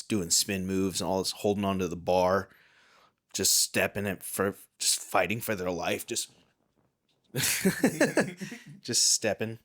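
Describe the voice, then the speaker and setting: A man hosting a comedy podcast, rambling through a story in casual chat with lots of fillers. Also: deep voice. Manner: rambling, animated, filler-heavy. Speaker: podcast host.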